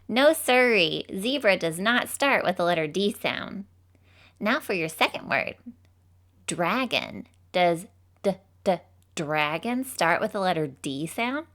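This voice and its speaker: A woman's voice: medium pitch, big pitch swings, slow, fairly bright tone, heavily acted. A woman voicing a bubbly cartoon teacher. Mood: cheerful. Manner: bubbly, encouraging, sing-song praise. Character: cheerful Southern female cartoon phonics teacher. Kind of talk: children's phonics lesson.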